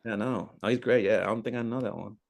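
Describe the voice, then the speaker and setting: A man from the Boston area with a light Boston accent talks in a very deep, gravelly voice. He chats casually as a podcast guest, stopping and restarting often. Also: steady tone. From outside Boston, USA. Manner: halting, many restarts and fillers. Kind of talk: casual chat.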